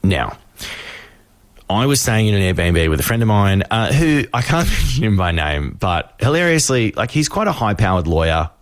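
A male radio host, telling a story with lively acted voices. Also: lowish voice, normal speed, no echo. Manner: animated storyteller, acts out voices.

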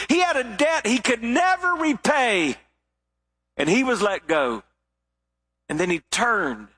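A male pastor preaching with a high, bright, ringing voice. He tells the story with lively expression and now and then sinks into hushed, weighty emphasis. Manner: expressive storytelling delivery with sudden drops to quiet emphasis. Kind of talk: sermon.

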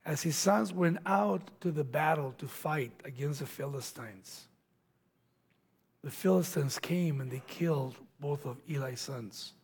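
A man preaching a sermon, retelling a Bible story dramatically, acting out the voices and dropping to hushed near-whispers. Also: fairly high pitch, unhurried, gravelly, breathy edge.

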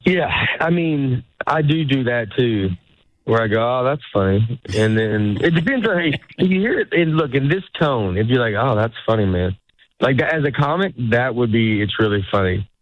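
A middle-aged stand-up comedian rambles through a casual interview chat, interrupting himself and acting out the lines he quotes. His medium-pitched voice is animated at a normal speed, with no room sound and a dull, lo-fi recording quality.

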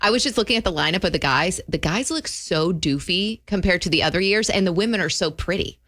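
A woman's voice: on the low side, animated, fairly bright tone. A woman co-hosting a radio show, chatting eagerly and laughing easily. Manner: chatty, quick to laugh, enthusiastic. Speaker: radio co-host. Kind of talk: casual radio banter. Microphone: studio microphone.

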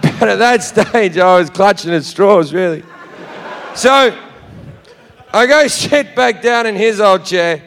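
An Australian man doing stand-up, telling a story in a brash, profane, animated way. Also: high-pitched, slow, long pauses. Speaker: stand-up comedian. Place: live venue with audience. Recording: echoey hall with crowd noise.

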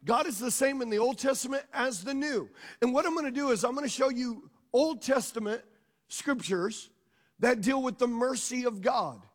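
High-pitched preacher in a ringing hall. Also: male voice. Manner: emphatic, calls out to the congregation. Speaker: pastor. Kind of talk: sermon. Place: church sanctuary. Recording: long reverb of a large hall.

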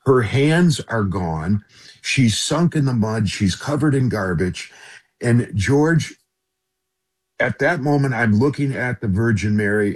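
A man's voice: medium pitch, breathy edge. A middle-aged man, a guest on a radio interview, earnestly telling a personal story and often addressing the host by name.

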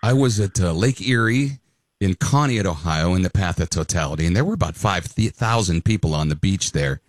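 Male interviewer, low-ish voice, dry close sound, casual and halting. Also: animated, dry recording. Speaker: radio host interviewing. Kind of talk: interview questions.

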